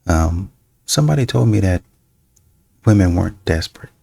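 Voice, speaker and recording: A man's voice: deep voice, expressive, normal speed, gravelly, mellow, no room sound, clean studio sound. A man hosting a reaction show, giving blunt casual commentary on clips and repeating his points.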